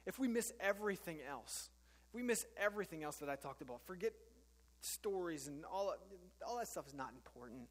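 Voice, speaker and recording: High-voiced guy preaching, casual and earnest, tons of restarts, long echo in a big sanctuary. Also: expressive, a little fast. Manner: earnest, conversational, with frequent fillers and restarts. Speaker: pastor. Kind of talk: sermon.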